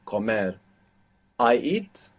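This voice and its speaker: A man's voice: on the low side, big pitch swings, extremely slow. A man teaching a live online language lesson, patiently explaining grammar and quizzing his students with questions.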